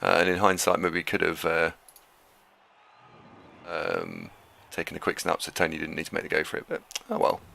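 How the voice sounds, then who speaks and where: A man's voice: deep voice, big pitch swings, moderate pace, gravelly, long pauses, pushed and bright, slight background noise. A man co-commentating a game in a laid-back way, hesitating with fillers as he talks through the plays.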